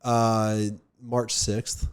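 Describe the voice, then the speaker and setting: A man's voice: medium pitch, completely flat delivery, extremely slow, clean tone. A young man from northern New Jersey hosting a casual podcast, rambling with lots of fillers. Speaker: podcast host. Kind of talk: casual chat.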